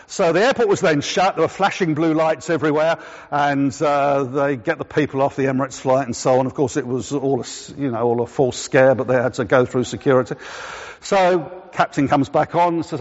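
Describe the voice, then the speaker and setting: Preacher telling a story, echoey hall. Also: male voice, medium pitch. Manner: chatty storytelling, slowing to deliberate emphasis. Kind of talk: sermon with a personal anecdote. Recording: echoey hall, dull lo-fi sound.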